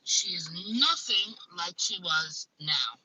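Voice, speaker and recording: A woman's voice: lowish voice, animated, slow pace, background noise. A woman with a Staten Island accent hosting a casual live stream. She talks bluntly, swears freely and often restarts her sentences. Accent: Staten Island, New York.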